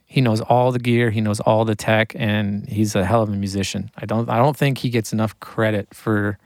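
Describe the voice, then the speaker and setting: A man, a guest talking about mixing records in a casual interview, rambling and animated and laughing often. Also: fairly low pitch, moderate pace, no room sound, clean studio sound. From United States.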